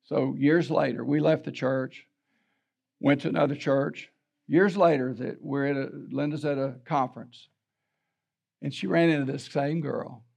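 A man's voice: mid-range voice, steady tone, a little slow, gravelly, a little mellow. An older man preaching a sermon as pastor, telling a personal story, acting out the voices of people he quotes and often repeating his words.

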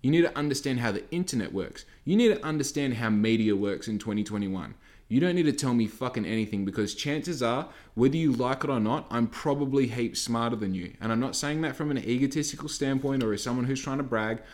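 A man's voice: medium pitch, brisk, a little mellow. Cheeky, profane young man. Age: 20s. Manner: profane, cheeky, heated outbursts. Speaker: coffee van worker vlogging. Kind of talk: casual monologue rant.

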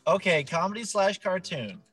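A man's voice: high-pitched, normal speed, husky, faint music behind. A man co-hosting a casual podcast and reading quiz cards in a playful, joking way. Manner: playful, jokey, animated. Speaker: podcast co-host, quiz reader. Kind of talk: casual chat.

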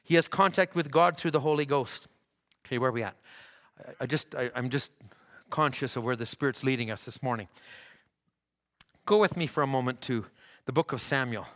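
This is a pastor's sermon in a church, spoken by a man with a medium-pitched voice. He keeps halting and starting over, and his delivery rises to fervent shouts.

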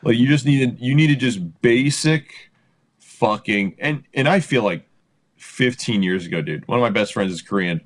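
A man's voice: medium pitch, moderate pace. A man co-hosting a casual podcast chat, blunt and profane, calling everyone dude. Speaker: podcast co-host.

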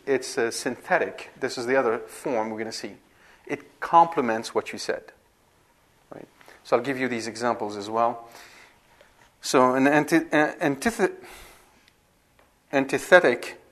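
A man's voice: medium pitch, a bit bright. Man lecturing on scripture, checking in often. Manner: explanatory, repeats himself with frequent "right?" checks and restarts. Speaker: Bible teacher. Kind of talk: classroom lecture.

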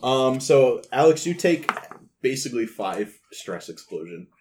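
A man running a tabletop game as game master, explaining the rules in a halting way. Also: mid-range voice, very animated, noisy background. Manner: halting, full of fillers while explaining. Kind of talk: explaining rules in casual play.

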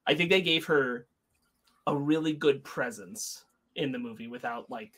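A man's voice: mid-range voice, normal speed, fairly bright tone, slightly rough. A man co-hosting a podcast, talking through a film in a thoughtful, rambling way with many restarts. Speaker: podcast co-host. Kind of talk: casual film discussion.

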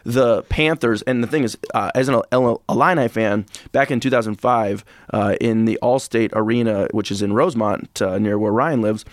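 A man co-hosting a casual sports podcast, jokey and quick to go off on rants. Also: fairly low pitch, dry recording, clean studio sound. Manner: animated, jokey, prone to rants. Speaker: podcast co-host. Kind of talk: casual sports betting chat.

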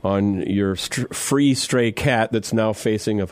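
A man's voice: lowish voice, slow pace, no room sound. Wry, easygoing man radio host. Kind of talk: casual radio chat.

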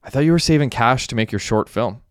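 A man's voice: mid-range voice, fast talker, clean tone, no room sound, studio quality, voice pushed up, natural voice. A man reading the lines of a young man in an audiobook, in a plain casual delivery.

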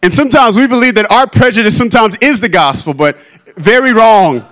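Male pastor, high voice, casual joking preacher at the pulpit. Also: expressive, a little fast, fairly bright tone, poor audio. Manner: joking, self-deprecating, conversational. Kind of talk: sermon.

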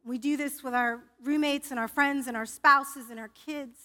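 A woman preaching with a high, bright voice that rings through a reverberant sanctuary. She speaks in a personal, confessional way and often restarts her sentences. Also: fairly even intonation, moderate pace. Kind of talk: sermon. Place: church sanctuary. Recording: reverberant church hall.

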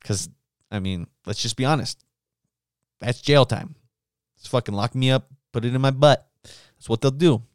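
A man's voice: mid-range voice, normal speed, long pauses, dry recording, clean studio sound. A man hosting a casual solo podcast, telling stories in a rambling, profane way. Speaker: podcast host.

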